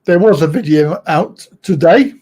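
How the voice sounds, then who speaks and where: Slow, mellow-voiced man chatting. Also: on the high side, husky. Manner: rambling, chuckling, self-correcting, teasing viewers. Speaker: host of a live chat show. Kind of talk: casual live-stream chat reading viewer comments.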